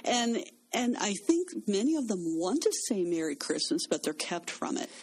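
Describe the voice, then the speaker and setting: A woman's voice: mid-range voice, sing-song, moderate pace, breathy edge. A woman co-hosting a Christian radio talk show, opinionated and preacherly. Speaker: radio co-host. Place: radio studio.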